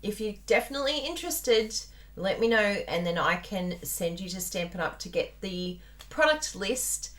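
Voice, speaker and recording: A woman's voice: mid-range voice, animated, moderate pace. A woman with an Australian accent hosting a chatty live card-making tutorial, bubbly and talking straight to her viewers. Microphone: plugged-in microphone at a desk.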